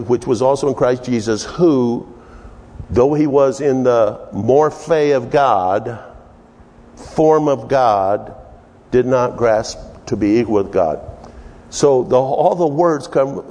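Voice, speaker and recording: Slow-speaking preacher man in a reverberant hall. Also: medium pitch, warm tone. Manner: unhurried, halting, with many restarts. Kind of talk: sermon with verse study.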